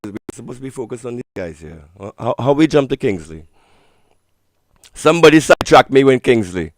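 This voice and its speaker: A man's voice: mid-range voice, big pitch swings, fairly quick, no room sound. A man hosting a livestream. He reacts to a clip, jokes in a mock-dramatic way and stumbles over his words. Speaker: livestream host.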